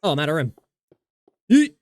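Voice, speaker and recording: A man's voice: on the high side, sing-song, moderate pace, darkish tone, slight background noise. A man livestreaming a survival game, chatting casually in a rambling, profane way and laughing often. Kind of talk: casual gaming stream chat.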